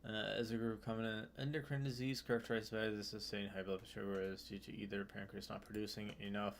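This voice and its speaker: A man's voice: fairly low pitch, little pitch movement, brisk, vocal fry, a little hiss or hum. A young man streaming his study session, reading a textbook passage aloud and explaining it casually with many fillers and restarts. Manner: reads text aloud then explains loosely with fillers and restarts. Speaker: student streamer.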